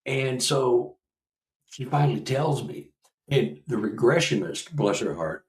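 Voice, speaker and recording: A man in his sixties, a guest researcher and author, telling a personal story in a casual conversation, animated and laughing as he acts out what people said. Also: medium pitch, measured pace, roomy sound, distant mic, poor audio. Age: 60s.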